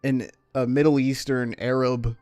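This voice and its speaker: A man's voice: medium pitch, little pitch movement, a little slow, a little mellow, no echo, faint music behind. Rambling, chatty male streamer. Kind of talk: casual gameplay commentary.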